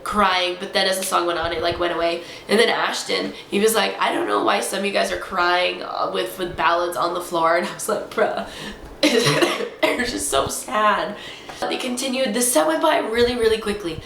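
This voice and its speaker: A young adult woman vlogging, rambling excitedly in a casual chatty recap full of fillers. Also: mid-range voice, creaky, a little hiss or hum. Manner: excitable, rambling fangirl storytelling with many fillers. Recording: roomy echo.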